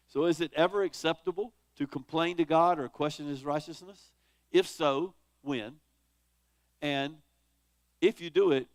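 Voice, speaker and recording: A man leading a church Bible study, teaching in a conversational, dramatic way and reading scripture with feeling. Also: fairly high pitch. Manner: dramatic, conversational, rises sharply on quoted laments.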